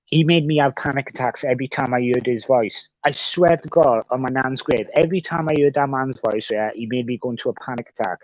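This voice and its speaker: A man's voice: mid-range voice, brisk, few pauses, a little hiss or hum. A man livestreaming in casual chat, rambling and swearing often as he repeats himself. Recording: dull, dry sound.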